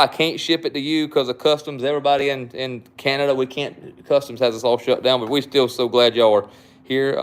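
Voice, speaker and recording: A man, hosting a live stream in a folksy, halting way, full of fillers and drawled asides. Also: medium pitch. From Southern United States. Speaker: host.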